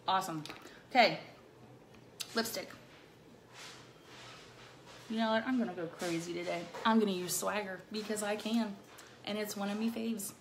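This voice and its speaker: A woman's voice: medium pitch, fairly even intonation, normal speed, creaky, long pauses, slight background noise. A middle-aged woman chatting casually through a makeup tutorial, bubbly and playful, with silly rhyming words. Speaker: makeup vlogger.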